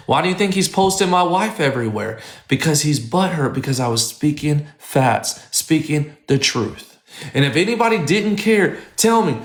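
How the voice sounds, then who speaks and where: A man on a live stream, ranting to his chat in a heated, profane way and repeating his points. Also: a little high. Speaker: livestreamer addressing chat. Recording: echoey room.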